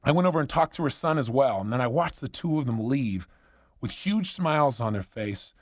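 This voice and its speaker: A man telling a story at a motivational seminar, acting out the dialogue with animated emphasis. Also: medium pitch, brisk, no echo, studio quality. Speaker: motivational speaker.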